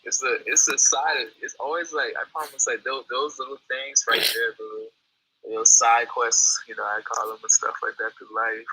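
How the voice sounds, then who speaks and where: A man's voice: mid-range voice, little pitch movement, brisk, pushed and bright, slight background noise, low-quality recording. A laid-back man chatting casually as a co-host, slangy and easily amused, heard over a remote call. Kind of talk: casual chat.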